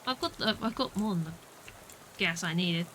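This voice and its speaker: A woman's voice: on the low side, moderate pace, fairly bright tone, slight background noise, rough recording. A woman chatting playfully through a video game on a livestream, muttering to herself and playing with words. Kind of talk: gaming livestream commentary.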